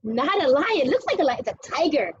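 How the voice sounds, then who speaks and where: A woman's voice: high voice, very animated, fast talker, no room sound, highs cut off. A young woman teacher cooking at home while teaching small children, talking in a playful sing-song way and making animal sounds.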